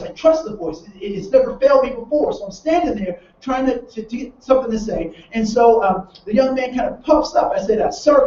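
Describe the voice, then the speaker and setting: Workshop trainer telling a story in an echoey room. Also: medium pitch. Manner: animated storyteller who acts out the people in the story; many restarts and repeated words. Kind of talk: storytelling lecture to a live group. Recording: roomy echo from far off, dull and lo-fi.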